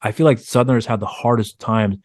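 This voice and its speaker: A man's voice: on the low side, steady tone, fairly quick, a little mellow, no room sound, clean studio sound. A man hosting a podcast interview, asking long winding questions with many restarts. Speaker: podcast host. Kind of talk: casual interview chat.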